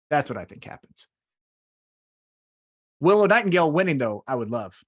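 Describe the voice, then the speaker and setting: A man co-hosts a casual wrestling podcast, his voice sitting a little high for a man and swinging widely in pitch. He jokes around and acts out quotes as he recaps the night's matches. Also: moderate pace, long pauses. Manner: animated, jokey, recaps with acted-out quotes. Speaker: podcast co-host.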